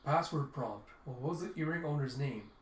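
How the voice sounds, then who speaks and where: A man's voice: a little high, a little fast, a little hiss or hum, natural voice. A man reading aloud and voicing a cynical male hacker and professional thief, blunt and sarcastic, recorded in a roomy space. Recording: roomy echo.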